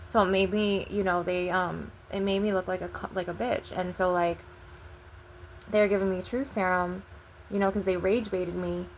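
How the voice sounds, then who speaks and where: A woman's voice: on the low side, flat delivery, normal speed, a little hiss or hum. A woman telling a personal story in a casual, rambling way. She swears often and retells conversations with "I'm like" and "he was like.". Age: adult. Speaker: channel host.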